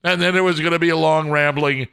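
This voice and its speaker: A man with a bright, forward voice and a somewhat high pitch for a man hosts a solo podcast from home. He rambles, laughs at his own jokes and trails off mid-thought, with a loose, self-mocking delivery. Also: fairly even intonation, quick pace, vocal fry, smooth. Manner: self-deprecating, chuckles often, trails off and restarts. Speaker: podcast host. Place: home, indoors.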